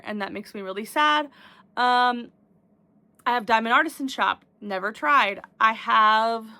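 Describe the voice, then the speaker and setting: Bright-voiced chatty woman vlogger. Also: a little high. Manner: chatty, rambling with restarts and fillers. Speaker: diamond painting vlogger. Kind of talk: casual chat to camera.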